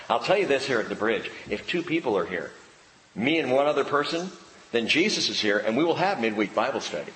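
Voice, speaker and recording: A man preaching a sermon as a pastor, shifting from loud animated bursts to hushed, slow emphasis. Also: mid-range voice, slight background noise. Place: church hall. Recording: roomy hall reverb, faint background ambience.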